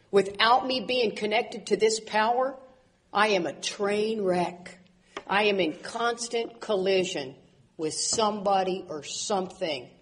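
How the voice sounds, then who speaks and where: A woman in her forties speaking at a recovery convention, telling animated stories with laughs and loud outbursts. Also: medium pitch, slight background noise. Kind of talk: speaker talk to an audience.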